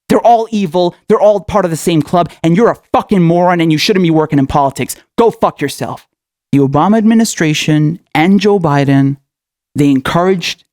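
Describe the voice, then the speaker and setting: A man's voice: fairly high pitch, darkish tone, no echo, clean studio sound. A male political commentator in a furious, profane rant, firing off angry questions.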